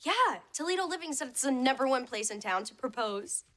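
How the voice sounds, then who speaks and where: A woman acting a gushing, excitable friend in a sitcom, in noisy audio. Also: high voice, a little fast.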